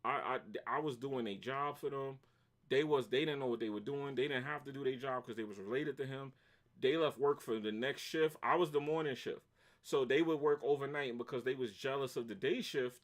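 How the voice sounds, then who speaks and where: A man's voice: mid-range voice, brisk. A middle-aged man with a Brooklyn accent, casually telling a story to his stream viewers and acting out each side of an argument. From New York. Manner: animated, acts out both sides of arguments, shouts when reliving anger. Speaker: livestream host.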